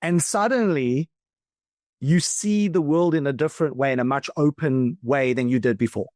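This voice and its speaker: A man from South Africa speaks as a podcast guest, thoughtful and reflective, often slowing right down and drawing out his words. His voice sits fairly high for a man. The recording is close and dry. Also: darkish tone, no room sound. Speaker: podcast guest, philosophical coach. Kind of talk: reflective conversational talk.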